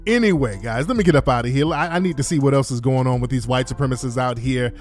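A man hosting a commentary show, scornful and animated, drawing out and sing-songing his words. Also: mid-range voice, fast, faint music behind. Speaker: host.

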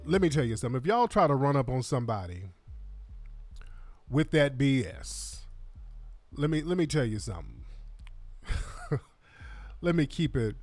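A man hosting reaction commentary, mocking and animated, with lots of slang. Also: mid-range voice, normal speed, pauses often, no echo, faint music behind. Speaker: commentary host.

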